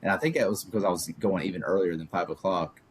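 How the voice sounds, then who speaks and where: A man's voice: low voice, quick pace, slight background noise. A man in his thirties, a podcast guest, rambling through anecdotes in casual chat with lots of "like" and chuckles. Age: 30s.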